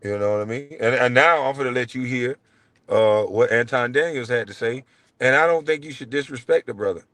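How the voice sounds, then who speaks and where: A middle-aged man sounds off as host of his own stream, blunt and full of profanity. His delivery keeps swinging between low, grumbling asides and loud outbursts, at a mid pitch. The voice is dry and close, with no room around it. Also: fairly quick, no room sound. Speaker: show host. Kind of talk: heated livestream rant.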